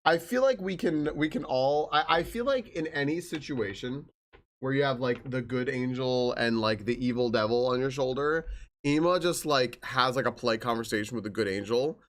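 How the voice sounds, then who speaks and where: A man's voice: medium pitch, normal speed, fairly bright tone. A young man live-streaming a game, chatting in an upbeat way and greeting his viewers one after another.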